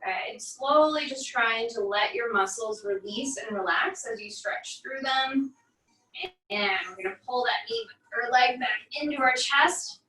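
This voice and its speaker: A woman leads a floor stretch in an encouraging, easygoing way, dropping wry asides between cues. Her voice sits high and sounds bright. The recording is echoey and heard from a distance off-mic. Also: a little slow. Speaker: fitness instructor. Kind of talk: guided barre cool-down instruction.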